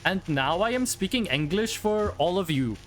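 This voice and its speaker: A streamer imitating a stiff, hesitant Norwegian speaking formal school English with a Norwegian accent, full of pauses and "uh". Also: medium pitch, animated, close to an everyday voice. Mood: halting, formal.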